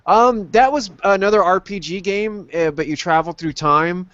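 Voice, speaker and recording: Brief: man, slightly high voice, rambling podcast host, dull dry recording. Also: moderate pace, fairly bright tone, clean tone, dry recording. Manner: rambling with many ums, laughs often. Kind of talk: casual chat over gameplay.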